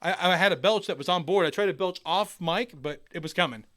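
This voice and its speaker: Wysoki, jasny głos luźnego prowadzącego. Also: male voice, sits high, brisk, dry recording, clean studio sound. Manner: crude, excitable, rambling. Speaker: podcast co-host. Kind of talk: casual podcast banter.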